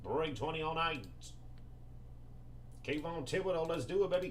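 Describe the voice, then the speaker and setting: A man hosting a live sports card break, reading off names and teams in quick bursts and joking with viewers between pulls. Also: on the high side, animated, a little hiss or hum. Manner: rapid-fire listing of names and teams, hyped and joking.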